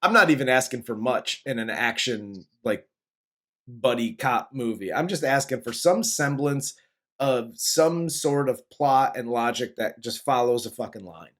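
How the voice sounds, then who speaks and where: A man's voice: medium pitch, lively intonation, a little slow, fairly bright tone. A man in his forties co-hosting a film review podcast, casual, joking and swearing freely. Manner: profane, joking, laughs often. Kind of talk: casual chat.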